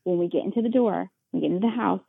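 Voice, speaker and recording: A woman's voice: fairly low pitch, racing, gravelly, breathy edge, dry recording. A woman, a mother of young children, chatting as a podcast guest and acting out her kids' voices in examples. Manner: lively, acts out children's voices when telling examples. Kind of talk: casual chat. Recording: tinny phone-line sound.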